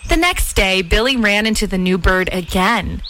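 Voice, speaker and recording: A woman narrating a children's storybook in an expressive, sing-song way. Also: mid-range voice, normal speed, rough recording. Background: soft music.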